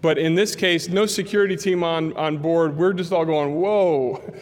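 A male pastor preaches a sermon, telling a story and acting out the voices of the people in it. His voice sits slightly high for a man. A long reverb from the large hall hangs behind every phrase. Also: normal speed. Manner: animated storyteller acting out quotes.

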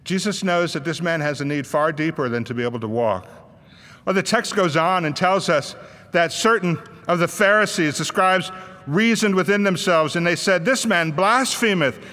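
High, bright-voiced preacher in an echoing hall. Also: male voice, normal speed. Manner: storytelling, acts out the voices of people in the Bible story. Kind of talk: sermon.

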